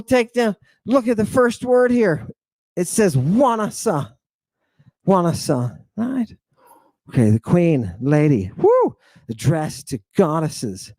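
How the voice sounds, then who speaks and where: Man, language teacher, animated, playful, repeats words slowly, slightly high voice. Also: no room sound. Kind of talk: enthusiastic language lesson.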